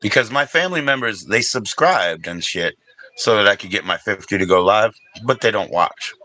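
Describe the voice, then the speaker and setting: Low-voiced, bright-toned man. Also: lively intonation, moderate pace, no room sound, low-quality recording. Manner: rambling, profane, talks to chat viewers. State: briefly emotional, teary. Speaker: livestream host. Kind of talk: casual livestream chat.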